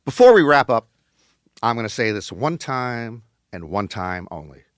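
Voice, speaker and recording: A man hosting a show with a scripted comic monologue, wry and deadpan with sudden emphatic bursts. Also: mid-range voice, normal speed, no room sound, clean studio sound. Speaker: host.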